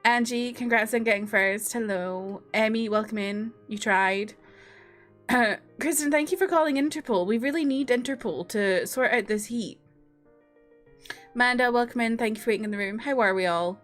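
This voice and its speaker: Streamer: young Scottish woman, higher-pitched, casual chatty delivery with faint music behind. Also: moderate pace. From Scotland. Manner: chatty, laughing, swearing casually while greeting chat. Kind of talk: casual livestream chat. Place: home room.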